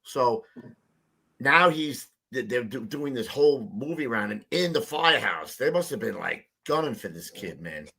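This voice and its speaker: Bright, blunt man hosting a podcast. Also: medium pitch, lively intonation, moderate pace, vocal fry, husky. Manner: blunt and salty, swears casually. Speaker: podcast host. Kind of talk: casual chat.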